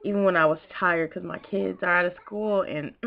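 Young woman, lowish voice, emotional rambling vlog talk, dull lo-fi camera audio. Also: steady tone, normal speed, creaky. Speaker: vlogger. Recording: dull lo-fi home video.

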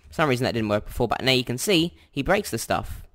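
A man's voice: mid-range voice, expressive, fast, fairly bright tone. A young Australian man giving a casual coding tutorial, thinking aloud and correcting himself as he types. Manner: chatty and self-correcting, thinks aloud while typing. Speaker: tutorial host.

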